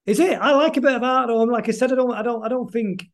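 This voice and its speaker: A middle-aged man, chatting as a guest musician in a casual interview, rambling and stopping to restart often. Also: very high voice. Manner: rambling, halting, many restarts.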